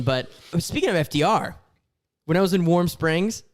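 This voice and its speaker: A man's voice: a little high, animated, normal speed. A man co-hosting a podcast, talking in a laid-back, jokey, slangy way. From Florida. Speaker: podcast co-host. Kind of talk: casual chat.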